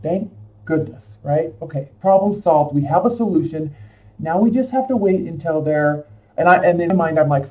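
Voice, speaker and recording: A man's voice: on the high side, normal speed, far from the mic. A man telling a personal story in a casual, emotional, rambling way, full of fillers. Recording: dull lo-fi sound from off-mic.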